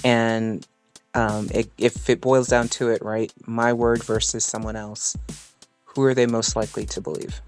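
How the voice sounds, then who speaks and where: A man's voice: mid-range voice, level tone, a little slow, soft background music. A man in a casual group discussion, working through his thoughts aloud with hesitant fillers. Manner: thinking aloud, hedging with fillers. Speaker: panel guest.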